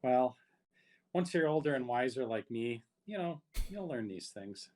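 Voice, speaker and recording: A man's voice: mid-range voice, lively intonation, a little slow, a little mellow, natural voice. A man playing a laid-back teenage boy who shrugs things off in a casual, filler-heavy way. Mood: smug.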